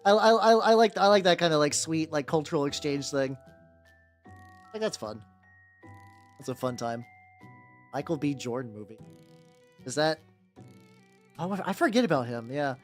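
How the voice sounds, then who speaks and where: A man with a higher-register voice streaming as he paints miniatures, chatting casually with viewers and rambling with lots of "like" and restarts. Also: lively intonation, normal speed, long pauses, soft background music. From United States. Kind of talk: casual livestream chat.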